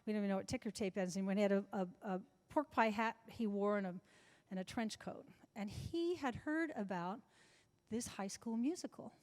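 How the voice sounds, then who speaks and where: Here the same kind of guest, a woman in her seventies, talks briskly in a darkish, mid-range voice. In a reverberant club function room before a live audience, she is interviewed and tells long stories in a chatty manner, frequently starting sentences over.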